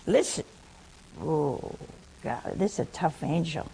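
A woman's voice: medium pitch, sing-song, takes it slowly, vocal fry, a little hiss or hum, low-quality recording. A woman preaching a humorous teaching sermon, teasing and chatty as she talks straight to her listeners.

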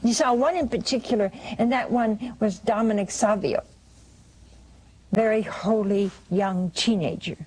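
A woman's voice: medium pitch, unhurried, darkish tone, poor audio. A woman preaching, retelling a saint's dream with emphatic repeats and restarts.

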